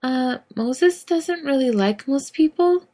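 A gawky young pet shop girl with a lisp, put on by a woman reading aloud. She talks haltingly, as if reading a script, in a voice pitched well above a normal speaking voice. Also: lively intonation, warm tone. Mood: awkward. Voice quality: lisping, slurping. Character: awkward young female pet store clerk.

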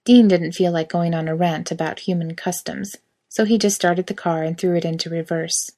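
A woman reading a story aloud in steady, quiet narration. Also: lowish voice, moderate pace. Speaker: reader.

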